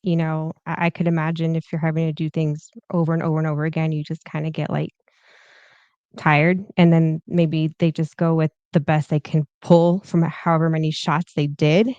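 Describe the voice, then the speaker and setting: A woman co-hosting a casual film review chat. She talks in a measured, easygoing way and fills her pauses with "um". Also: deep voice, level tone, darkish tone, clean tone, no room sound. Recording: dull, lo-fi audio.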